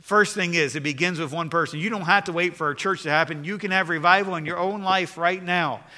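Male pastor, slightly high, bright voice, preaching in a reverberant church. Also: brisk. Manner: preaches with rising emphasis, reads scripture aloud. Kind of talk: sermon. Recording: long hall reverb.

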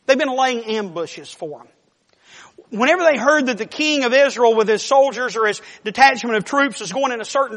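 A man preaching a sermon, telling a Bible story in an animated way and acting out the characters' voices. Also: very high-pitched. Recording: long reverb of a large hall.

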